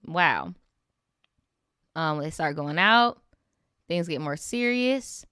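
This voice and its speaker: A young woman talks straight into a close, dry mic. Her voice is bright and smooth. She reads viewer stories and reacts with animated, slangy, sarcastic asides. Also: sits low, slow pace, no echo. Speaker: streamer reading viewer stories. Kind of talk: casual storytime commentary.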